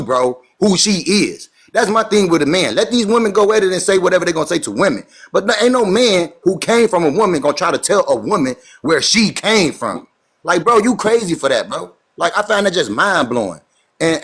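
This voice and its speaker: A man's voice: sits high, a bit bright, slightly rough. A man ranting preachily and saying "bro" again and again. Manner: preachy, says "bro" constantly. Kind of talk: heated casual rant.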